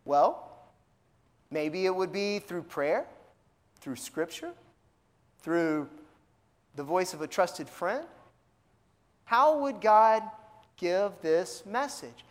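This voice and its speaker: Conversational preacher in a reverberant hall. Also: male voice, sits high, expressive, very slow, long pauses. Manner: conversational, asks many questions, repeats words. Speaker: pastor. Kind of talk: sermon. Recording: long reverb of a large hall.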